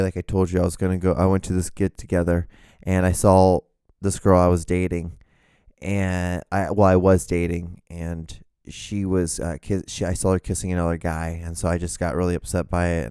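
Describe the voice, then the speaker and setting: Low-voiced man rambling a story. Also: level tone, dark tone, clear, resonant tone, no echo, clean studio sound. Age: 30s. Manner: casual, profane, halting with many restarts. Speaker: podcast host.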